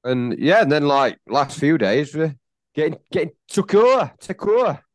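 A man's voice: on the high side, sing-song, normal speed, no echo. A man co-hosting a podcast, telling jokey rambling stories in casual chat. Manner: rambling, jokey storytelling with fillers. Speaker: podcast co-host.

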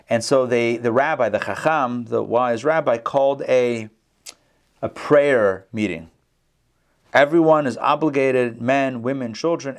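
A man teaching an online class, telling stories with lively acted-out voices over a video call. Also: medium pitch. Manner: animated storyteller, acts out the characters. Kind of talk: casual lecture with storytelling.

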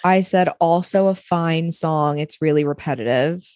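A woman's voice: low-pitched, moderate pace, a little mellow, no room sound, studio quality. A young woman co-hosting a casual chat podcast, playful and agreeable. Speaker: podcast co-host.

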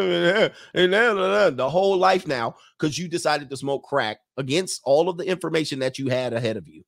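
Blunt, slangy man hosting a stream. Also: a little high. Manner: blunt, slangy, laughs between points. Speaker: livestream host reading viewer comments. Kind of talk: casual opinionated commentary.

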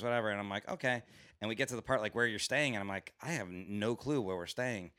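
A man's voice: fairly low pitch, quick pace. A man, a stand-up comedian, telling a story on a podcast, acting out the people in it and swearing freely. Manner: animated storyteller, acts out quoted voices, swears freely. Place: podcast studio.

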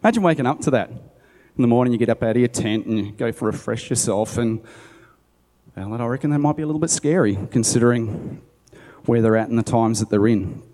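A man's voice: medium pitch, fairly quick, dark tone. A man preaching, reading a Bible story aloud and chatting about it in a conversational, musing way. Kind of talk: sermon, Bible reading with commentary. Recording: long hall reverb.

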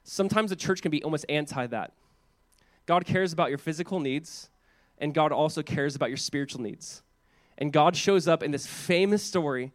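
A man preaching a sermon as pastor, animated and conversational, with chatty asides to the congregation. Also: a little high, normal speed, dry recording.

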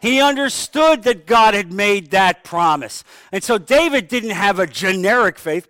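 A man delivers an emphatic sermon in a fairly high voice, repeating his key points and slipping into sample prayers. The sound is dry and close, with little room echo. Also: expressive, measured pace, hardly any pauses, fairly bright tone. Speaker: pastor.

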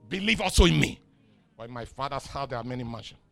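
A middle-aged man with a Nigerian accent preaching a sermon in call-and-response style. He swings from soft asides to shouts and chuckles often. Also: mid-range voice, animated, normal speed, gravelly, music in the background. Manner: chuckles often mid-sentence. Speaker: pastor.

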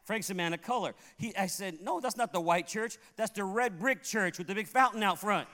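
A man's voice: high voice, a little fast. A man from Puerto Rico preaching a sermon as a pastor, telling a story and acting out the people in it. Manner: animated, acts out the people in his story. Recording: long hall reverb.

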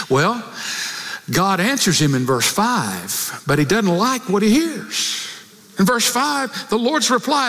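A man preaching a sermon, acting out prayers and rising to near shouts. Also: sits high, sing-song, takes it slowly, in a large hall.

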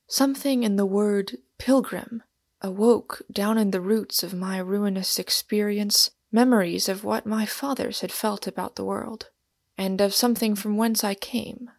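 A woman narrating a literary novel in a measured, descriptive reading. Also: medium pitch, fairly even intonation, darkish tone, no echo, clean studio sound. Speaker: audiobook narrator.

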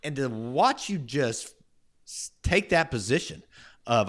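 A man's voice: medium pitch, sing-song, slow pace, a bit bright. A man talking enthusiastically and encouragingly in a casual faith conversation.

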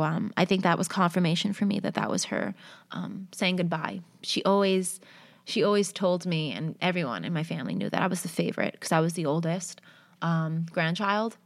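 A woman's voice: fairly low pitch, no room sound. A young woman telling personal stories and reading others aloud in a casual, conversational way, with frequent fillers. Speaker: storyteller.

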